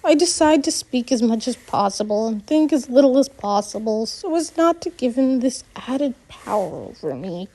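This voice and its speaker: A woman narrating a novel aloud in the first person, in an unhurried, measured audiobook reading. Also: fairly high pitch, lively intonation, mellow.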